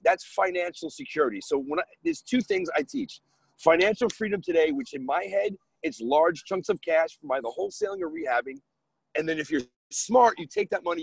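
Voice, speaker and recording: Man from New York spinning a deal story on a podcast, animated and gravelly, a bit raised in pitch. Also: no room sound, low-quality recording. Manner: animated, acts out dialogue in his story. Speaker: guest real estate investor.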